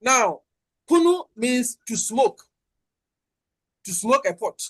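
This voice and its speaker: A man from Ghana giving an academic conference lecture, explaining carefully and deliberately, with repetitions and restarts. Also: very high-pitched, sing-song, fairly bright tone, slightly rough. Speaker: linguistics lecturer.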